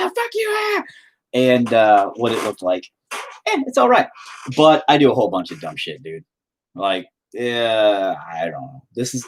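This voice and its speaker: A man's voice: medium pitch, poor audio. A man chatting casually on a live stream while he paints, rambling, swearing often and joking at his own expense.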